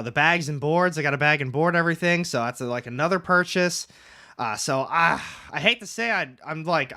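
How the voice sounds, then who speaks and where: A man's voice: on the high side, bright, forceful tone. A young man hosting a casual comics livestream, rambling, reading chat aloud and swearing casually from his room at home.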